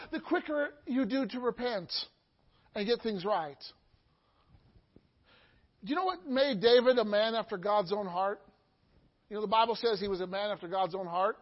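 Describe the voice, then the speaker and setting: Preaching a sermon in a very high voice, a middle-aged pastor swings between quiet asides and loud, soaring outbursts. He keeps checking in with the congregation by asking "Amen?" in call-and-response fashion. The sound is muffled and dull.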